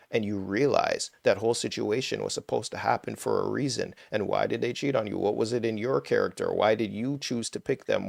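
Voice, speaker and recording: A young man with a low, gravelly voice talks through ideas on a live stream in a loose, blunt way, tagging "right?" onto his points and swearing now and then. The sound is close and dry, with no room around it. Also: no echo. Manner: informal and blunt, swears, many "right?" tags. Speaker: host of a spirituality and money live stream. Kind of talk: casual live-stream teaching.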